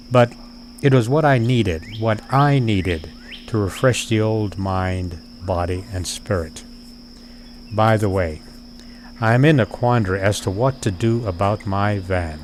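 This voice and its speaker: A man with a lowish voice talks in a measured, deliberate way, with dry wit. It sounds like a personal video diary. Crickets and insects chirp faintly behind him. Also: slight background noise. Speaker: vlogger.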